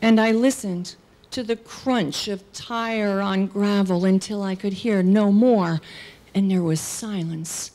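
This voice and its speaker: A middle-aged woman performing a personal story on stage, acting out characters' shouts. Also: medium pitch, takes it slowly. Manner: animated, acts out characters' shouts. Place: stage at a live storytelling show.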